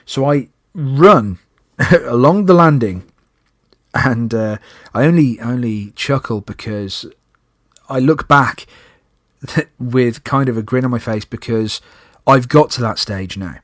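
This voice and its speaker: A young man hosting a podcast, telling a personal story in a lively way and acting out panicked moments in loud breathless bursts. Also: mid-range voice, takes it slowly, long pauses, no room sound, studio quality. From United Kingdom. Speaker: podcast host.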